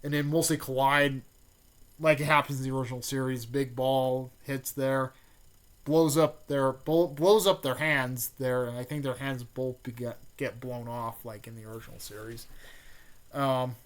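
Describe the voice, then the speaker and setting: At normal speed and medium pitch, a man gives a rambling, casual recap of a fan-made story. Fillers and restarts crowd his delivery, and the action beats bring excited bursts.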